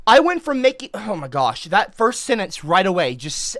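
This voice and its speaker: Satirical vlog ranter, sarcastic, bright and animated; dry recording. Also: mid-range voice, normal speed, dry recording. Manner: swings between heated outbursts and forced calm, sarcastic. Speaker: online comedian. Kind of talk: satirical rant reacting to an article.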